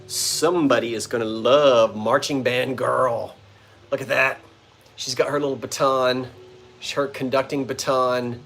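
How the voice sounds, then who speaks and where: A man's voice: medium pitch, fairly even intonation, a little slow, creaky, a bit bright, soft background music. A man hosting a casual livestream sale of vintage goods from his front porch, chatting playfully with viewers and greeting them by name. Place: front porch of an old bungalow.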